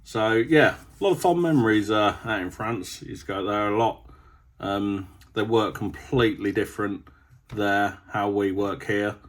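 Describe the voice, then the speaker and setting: Rambling farmer, low voice. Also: male voice, a little slow. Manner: rambling, with many ums and a storytelling drift. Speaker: farmer vlogger. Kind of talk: casual vlog chat.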